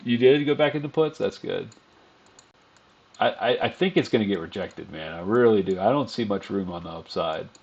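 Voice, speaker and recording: A man streaming his own live trading session, talking to viewers, swearing often and muttering to calm himself between trades. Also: fairly low pitch, moderate pace, gravelly, husky, lo-fi sound. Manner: calms himself down out loud.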